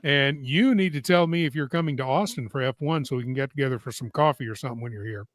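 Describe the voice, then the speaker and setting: A man's voice: medium pitch, fast talker. A man hosting a casual live stream, chatting and reading viewer comments aloud. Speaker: host.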